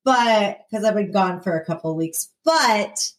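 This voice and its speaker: A woman's voice: medium pitch, expressive, measured pace. A woman co-hosting a casual chat, playful and jokey, often laughing at her own lines. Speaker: podcast co-host.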